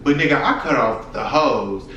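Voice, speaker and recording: A man's voice: medium pitch, lively intonation, moderate pace, sharp tone, recorded from a distance, dull audio, slight background noise. A young man telling a personal story to his viewers in a frank, profane, casual way. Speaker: vlogger. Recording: echoey room, voice from off-mic.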